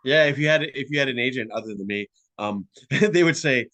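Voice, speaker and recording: A man rambles casually about bands and artists, his sentences full of "like" and "you know". He talks at a middling pitch, and the recording sounds dry and close. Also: brisk, few pauses, bright, forceful tone, no echo. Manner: rambling and chatty, often saying "like" and "you know". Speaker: podcast guest, musician. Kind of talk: casual conversation.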